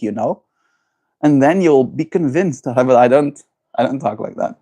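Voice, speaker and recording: A man's voice: mid-range voice, unhurried, warm tone. Playful afrikaans-accented man chatting on stream. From South Africa. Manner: playful and chatty, laughs often, answers viewers directly. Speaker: livestreamer. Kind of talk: casual livestream chat, reading chat messages aloud. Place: at home.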